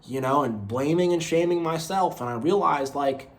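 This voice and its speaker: A man's voice: on the high side, moderate pace. Earnest rambling man, motivational talk. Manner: earnest, rambling, repeats phrases and says "you know" often. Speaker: motivational video creator. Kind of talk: unscripted motivational monologue.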